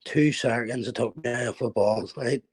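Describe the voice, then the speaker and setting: A man's voice: medium pitch, moderate pace, a little mellow, breathy edge. Rambling sweary man. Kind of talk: casual banter on a livestream.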